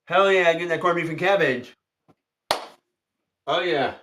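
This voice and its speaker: A high-pitched man, a tarot reader waiting for clients, chats casually with livestream viewers, greeting them by name. Unhurried, relaxed and repetitive, he keeps circling back to the same phrases, with background noise audible.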